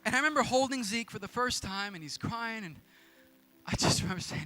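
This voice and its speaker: High bright-voiced preacher, man. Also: a little fast, faint music behind. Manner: animated storytelling, loose casual preaching. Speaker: pastor. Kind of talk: sermon. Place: church.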